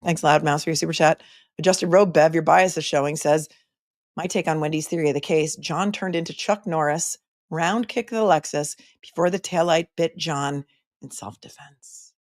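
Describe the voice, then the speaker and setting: A woman's voice: deep voice, normal speed, no room sound, clean studio sound. A middle-aged woman hosting a casual live stream, reading viewer comments aloud with snarky asides and many hesitant fillers. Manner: snarky, chatty, frequent hesitations.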